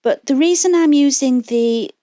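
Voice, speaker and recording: A woman's voice: high-pitched, normal speed, mellow, dry recording, clean studio sound. A woman with a Yorkshire accent, chatting through a craft tutorial as voice-over in a rambling, self-deprecating way, with fillers and restarts. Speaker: resin craft channel host.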